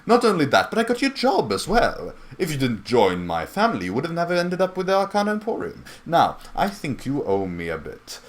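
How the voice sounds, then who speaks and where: A man's voice: on the high side, huge pitch swings, brisk, hardly any pauses, pitched above the performer's own voice. A game master voicing a scheming male gang leader who poses as a noble, speaking in a genteel, condescending, wheedling way. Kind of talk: voicing a character in a tabletop game.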